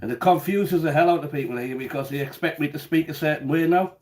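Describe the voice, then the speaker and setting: A man's voice: a little high, fast talker, a little mellow. A man chatting casually in his home kitchen during a live cooking stream, rambling and often repeating words as he goes.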